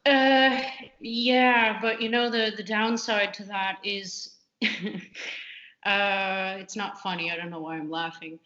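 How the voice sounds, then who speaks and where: A woman's voice: medium pitch, fairly even intonation, unhurried, hardly any pauses, pushed and bright, a little hiss or hum. A woman, a computational biologist, answering interview questions in a casual way, with many fillers and restarts. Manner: frequent fillers and restarts, candid. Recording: muffled lo-fi audio in a roomy space.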